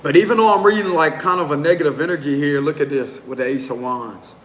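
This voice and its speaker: A man's voice: on the high side, fast, a bit bright. A man doing a casual live tarot reading, talking in a loose, slangy way and prone to giggling. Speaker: tarot reader. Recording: roomy echo, faint background noise.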